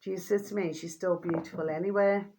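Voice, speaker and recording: Chatty woman, rambling and hoarse. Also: on the low side, fairly even intonation, quick pace, darkish tone, slight background noise. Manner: affectionate, rambling, keeps asking "do you see what I mean". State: getting hoarse. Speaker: vlogger. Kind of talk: casual chatty vlog to viewers.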